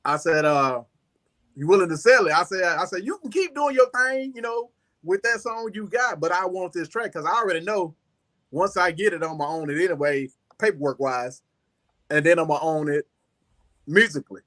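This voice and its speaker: A man, a music artist telling a rambling, animated story as an interview guest, often saying "you know.". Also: high-pitched, normal speed. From Southern United States.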